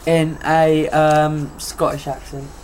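A woman's voice: sits low, flat delivery, slow, a little mellow, slight background noise. A woman, co-hosting in casual, blunt, sweary chat. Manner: blunt, sweary, laughs often. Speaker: podcast co-host.

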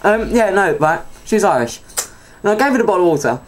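A man's voice: very animated, brisk. A young man, telling stories as a podcast co-host, talking while eating. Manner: storytelling, acts out quoted people in high voices. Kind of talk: casual chat.

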